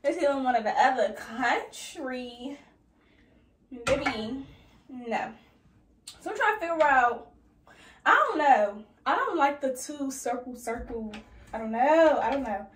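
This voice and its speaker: A woman's voice: slow, long pauses. Chatty young woman vlogging in echoey room. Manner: chatty, slangy, animated with sudden high squeals. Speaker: lifestyle vlogger. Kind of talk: casual organizing vlog chat. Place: bathroom at home.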